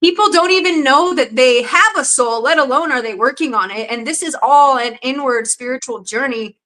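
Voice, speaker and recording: A woman's voice: high-pitched, normal speed, bright, forceful tone, low-quality recording. A woman hosting a casual talk show, speaking bluntly and with exasperation, swearing freely. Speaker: podcast host. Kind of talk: casual chat.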